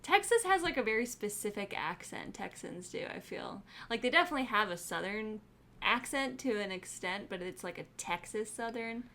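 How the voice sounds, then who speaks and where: A woman's voice: mid-range voice, animated, sharp tone. A woman co-hosting a casual movie review chat, agreeable and chatty. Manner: agreeable, chatty, quick to laugh along. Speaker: podcast co-host.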